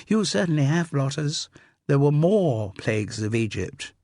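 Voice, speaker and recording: A man voicing a clever, brisk upper-class young woman in an audiobook, with crisp, knowing, slightly breathy chatter. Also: on the high side, very animated, mellow, dry recording, voice pushed up. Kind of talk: audiobook character voice. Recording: dry close studio sound.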